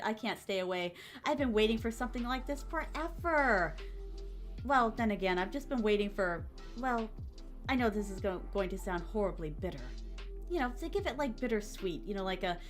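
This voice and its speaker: A woman streamer chatting casually with her viewers and reading their comments, with a soft, relaxing, motherly voice. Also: mid-range voice, lively intonation, fairly quick, faint music behind.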